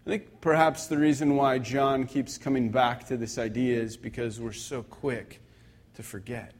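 A man's voice: medium pitch, fairly even intonation, normal speed. A young man, a pastor, preaching a conversational sermon with self-deprecating stories.

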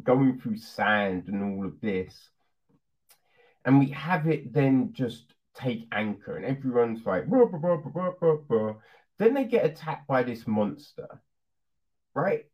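A man casually reviewing a film on his channel, laughing, swearing and throwing in lots of rhetorical asides. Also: medium pitch. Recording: dull lo-fi recording.

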